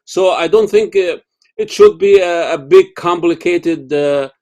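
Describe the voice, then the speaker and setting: A man hosting a casual interview over a video call, talking haltingly with many fillers and restarts. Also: high-pitched, darkish tone. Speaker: interview host.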